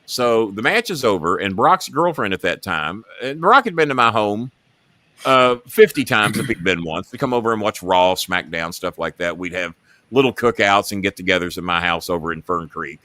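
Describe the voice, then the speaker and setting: Animated man telling a wrestling-era story. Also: lowish voice, normal speed, no room sound. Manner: animated storyteller acting out quotes. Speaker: talk show host. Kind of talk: storytelling in casual talk.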